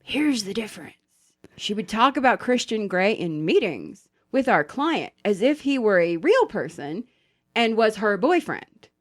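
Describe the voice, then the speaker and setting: A woman's voice: medium pitch, a little slow. A woman hosting a podcast, telling stories in casual chat with plenty of swearing. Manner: animated, profane storytelling. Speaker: podcast host.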